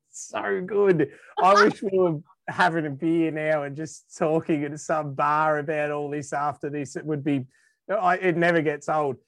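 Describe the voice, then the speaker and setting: This is a relaxed Australian man who talks slowly and unhurriedly, his voice sitting a little high for a man. He chats casually as a podcast guest, laughs easily and often trails off to restart his sentences. The recording is dry and close, with no room sound around him. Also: no echo. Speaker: guest musician.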